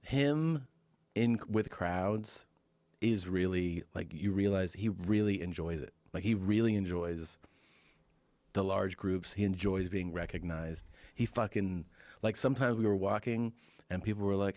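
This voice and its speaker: A man with a low voice tells a story in loose, casual conversation. He talks close to a dry, dead microphone and jumps into louder, higher voices when he quotes people. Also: unhurried, no room sound. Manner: animated storyteller, acts out quotes in raised voices. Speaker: podcast guest.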